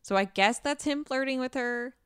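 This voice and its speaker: A young adult woman hosting a podcast, chatting casually and telling animated stories with quoted voices. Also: sits high, normal speed, clean tone, no echo, clean studio sound. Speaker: podcast host. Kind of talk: casual chat.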